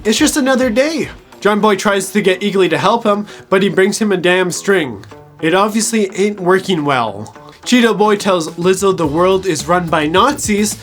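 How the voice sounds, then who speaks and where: A man's voice: high-pitched, a bit bright. A man recapping a TV episode in a casual, crude, mocking way, swearing and laughing at his own jokes. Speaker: TV show reviewer.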